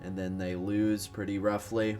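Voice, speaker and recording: With a lowish, slightly mellow voice, a level tone and normal speed, a gaming commentator rambles through a strategy game. He's profane and self-deprecating, a bit tired from skipping his morning caffeine, and keeps hunting for words. Faint music sits underneath.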